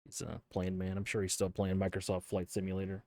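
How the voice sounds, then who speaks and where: A man's voice: deep voice, fast talker, creaky, no echo. Laid-back man hosting a dry podcast. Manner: relaxed, laughs often, trails off. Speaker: podcast host. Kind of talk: casual chat.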